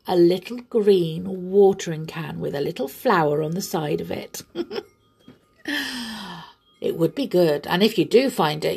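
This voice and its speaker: A woman reading a children's story aloud with expressive, slow delivery and whispered asides. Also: on the low side, creaky, slightly rough.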